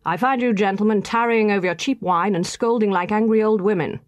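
A woman's voice: lowish voice, brisk, dry recording, lightly acted. A woman reading the part of a stern middle-aged clergyman who talks brusquely, like an officer chiding his men.

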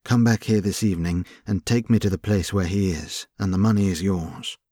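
A man's voice: low-pitched, fairly even intonation, normal speed, dark tone, dry recording, studio quality. A man reading an audiobook, voicing an angry rich young man who plots a kidnapping, curt and commanding. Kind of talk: audiobook character voice.

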